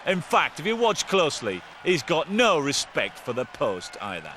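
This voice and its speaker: A man presenting rugby clips in lively, boisterous commentary, breaking into shouts. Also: on the high side, moderate pace, slight background noise.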